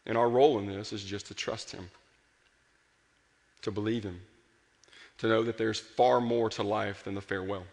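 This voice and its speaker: A man preaching a sermon with earnest emphasis, rising to passion and dropping soft. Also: fairly low pitch, steady tone, normal speed, gravelly, long pauses. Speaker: pastor. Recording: long hall reverb.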